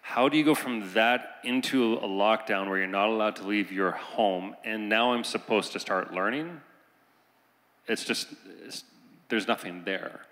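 A man's voice: lowish voice, measured pace, a bit bright. A man on a conference panel speaking earnestly, building urgency as he makes his case. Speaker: panelist, teacher. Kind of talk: panel talk. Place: conference hall. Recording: reverberant hall.

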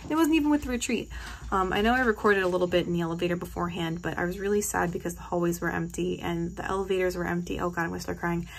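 A woman's voice: on the low side, gravelly, a little hiss or hum, rough recording. A woman from New Jersey talking casually into her phone for a vlog, telling stories in a gushing, emotional way. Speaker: vlogger. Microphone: phone held close.

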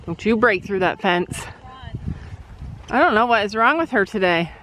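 A woman's voice: mid-range voice, expressive, normal speed, over loud music, low-quality recording. A woman vlogging outdoors in a paddock, coaxing and chatting to her horse. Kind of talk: casual vlog talk while handling a horse.

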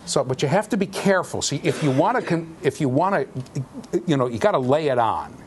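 A man giving a university lecture in an animated, jokey way, with sudden loud outbursts. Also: a little high, a little fast, slight background noise. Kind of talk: classroom lecture. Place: lecture hall.

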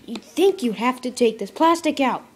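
A woman's voice: fairly high pitch, animated, moderate pace, a little hiss or hum. A young woman casually narrating an unboxing, rambling and self-mocking, often dropping into mutters and whispers. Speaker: product unboxing vlogger.

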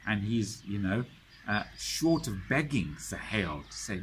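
A British man teaching a study circle, retelling history in a casual, animated way and acting out the quoted dialogue. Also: on the low side, measured pace, a little hiss or hum. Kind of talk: casual lecture storytelling.

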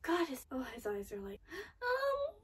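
Woman host, high voice, excitable reaction chatter with frequent swearing, recorded a bit far from the mic. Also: unhurried. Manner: excitable, gasps and frets aloud, swears often. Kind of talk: live anime reaction commentary.

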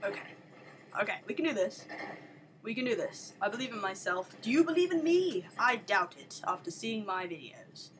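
A woman's voice: medium pitch, moderate pace, background noise. A woman doing let's play commentary, sarcastic and exasperated, egging on her game character. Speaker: gaming channel host.

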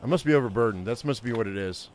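Man, gameplay commentary, muttering to himself, quick to get annoyed, swears, mid-pitched voice. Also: a little hiss or hum. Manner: talks to himself, easily frustrated, swears. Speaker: gaming channel host.

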